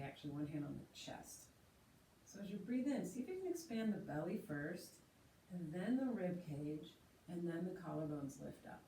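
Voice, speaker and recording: A woman teaching yoga, slowly and gently cueing breath and movement. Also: fairly low pitch. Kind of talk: guided yoga instruction. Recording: roomy echo, voice from a distance, faint hiss.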